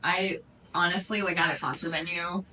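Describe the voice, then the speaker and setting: A young woman co-hosting a podcast in casual chat, teasing and reacting quickly. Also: on the low side, steady tone, pushed and bright, recorded from a distance, a little hiss or hum, poor audio. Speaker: podcast co-host.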